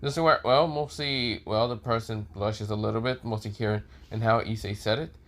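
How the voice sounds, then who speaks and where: A man's voice: fairly low pitch, steady tone, moderate pace, a bit bright. A man improvising a fan story aloud, rambling with many fillers and restarts.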